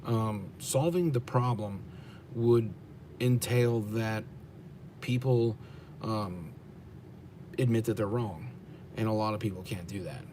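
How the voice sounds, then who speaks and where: A man's voice: fairly low pitch, slow pace, long pauses, mellow, slight background noise. An American man, a truck driver streaming live, ranting bluntly and with profanity as he answers his chat, repeating his questions for emphasis. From United States. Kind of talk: livestream rant answering chat.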